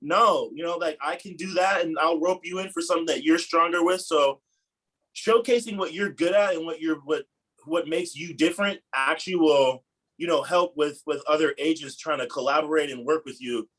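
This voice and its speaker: A man's voice: on the high side, normal speed, a bit bright, rough recording. A man, a real estate agent, telling a casual story on a team call in a slangy, laid-back way. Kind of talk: casual anecdote on a video call.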